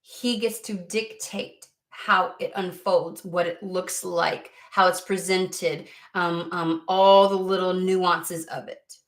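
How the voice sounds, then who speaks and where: A woman's voice: on the low side, steady tone, slow pace, hardly any pauses. A woman giving a casual tarot reading to her viewers in a rambling, frank manner, swearing freely. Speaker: tarot card reader.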